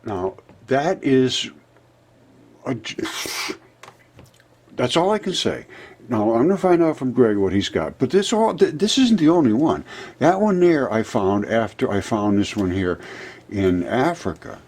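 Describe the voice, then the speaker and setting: A man in his seventies narrating over a map, insistent, rebutting doubters and jumping up in pitch when pointing things out. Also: very animated, unhurried, darkish tone. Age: 70s. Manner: insistent, rebutting imagined objections. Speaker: presenter of a fringe geology channel.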